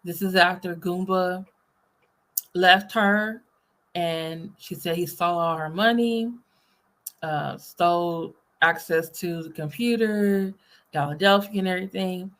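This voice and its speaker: A woman's voice: lowish voice, unhurried, a bit bright. A woman hosting a casual reaction video, chatting to her viewers while talking around new braces. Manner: chatty, apologetic about fresh braces affecting speech. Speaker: reaction channel host.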